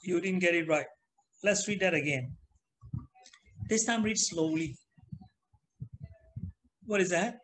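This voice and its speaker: A man's voice: high-pitched, slow, long pauses, fairly bright tone, rough recording. A middle-aged man, teaching an online class in a chatty manner and putting questions to his students. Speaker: trainer.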